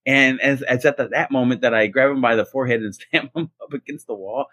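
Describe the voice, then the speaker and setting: Animated male storyteller, dry sound. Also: mid-range voice, fast talker, no echo. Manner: animated, acts out quoted voices. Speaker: podcast co-host. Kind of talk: casual storytelling chat.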